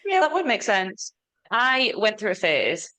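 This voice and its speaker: Woman, podcast co-host, chatty storyteller, bright forceful tone. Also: mid-range voice, very animated, measured pace. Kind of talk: casual chat.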